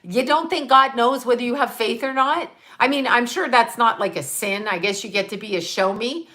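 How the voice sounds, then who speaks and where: A woman's voice: on the high side, moderate pace, bright, forceful tone. A woman hosting her own channel, talking in a blunt, profane, rambling way and laughing at her own jokes. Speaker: channel host. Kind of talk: casual live-stream monologue.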